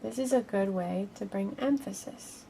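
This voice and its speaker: A woman teaching a children's art lesson, speaking gently and encouragingly to young viewers as she draws. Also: mid-range voice, moderate pace, creaky, a little hiss or hum.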